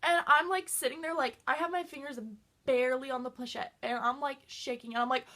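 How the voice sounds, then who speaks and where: High-voiced excitable woman telling a story. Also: a little fast, few pauses. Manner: excitable, fills talk with "like". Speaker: vlogger. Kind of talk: casual storytime chat.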